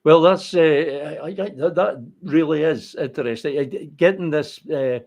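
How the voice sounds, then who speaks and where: A man's voice: a little high, moderate pace, darkish tone, dull audio. Guy hosting an interview, lots of uhs and restarts, thinks as he talks. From Fife, Scotland. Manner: hesitant, many uhs and restarts, thoughtful. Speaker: interview host. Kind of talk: conversational interview.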